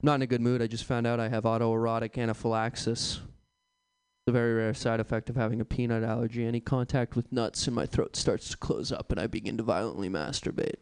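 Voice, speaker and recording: A man doing stand-up comedy, delivering deadpan, absurd one-liners. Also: mid-range voice, brisk, smooth, dry recording.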